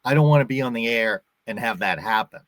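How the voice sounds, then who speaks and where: A man's voice: mid-range voice, quick pace, fairly bright tone, dry recording. A man in his fifties from the Boston area, with a faint Boston accent, chatting as a guest and acting out quoted voices in his stories. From Boston area, USA. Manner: storytelling, acts out quoted voices. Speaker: actor and guest. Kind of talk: casual interview chat.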